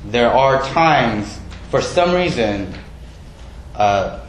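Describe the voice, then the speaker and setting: A man's voice: mid-range voice, lively intonation, extremely slow, reverberant, slight background noise, poor audio. A man preaching a sermon as pastor, in a conversational way, often putting questions to the congregation and poking fun at himself. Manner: conversational, self-deprecating, asks the congregation questions.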